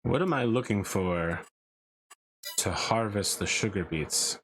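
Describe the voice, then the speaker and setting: A man playing a farming game roleplay, talking in a dry, deadpan way and pushing for a deeper tone. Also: slow pace. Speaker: roleplay player. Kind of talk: casual gaming chat. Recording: steady background noise.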